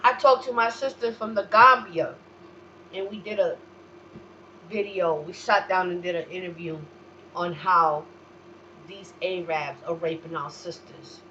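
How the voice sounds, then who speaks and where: A woman hosting her own talk show delivers a slow, profane rant. She drops to low mutters and then bursts into shouting. The recording sounds slightly dull and lo-fi, with a faint hiss underneath. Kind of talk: solo ranting monologue.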